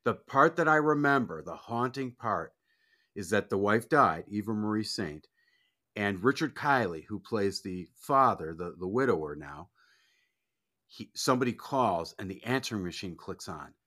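A man speaks as a co-host in casual conversation, thoughtful and reflective. He asks searching questions. His lowish voice has a bright, forceful edge. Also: lively intonation, moderate pace. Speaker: podcast co-host. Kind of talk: casual chat.

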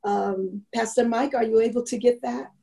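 A woman's voice: a little high, fairly even intonation, moderate pace, gravelly, dark tone, rough recording. A woman leading a church class in an online meeting, telling a story and earnestly exhorting her listeners.

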